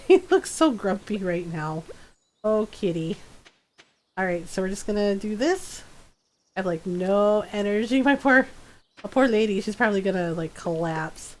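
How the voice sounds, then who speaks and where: A woman's voice: mid-range voice, animated, unhurried, a little hiss or hum. A woman streaming a farming game, chatting casually and playfully with frequent giggles. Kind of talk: casual gameplay commentary.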